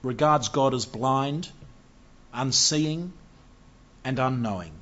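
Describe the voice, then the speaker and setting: A man preaching a sermon, earnest and measured, building to emphatic rises. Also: mid-range voice, fairly bright tone. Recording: dull lo-fi sound.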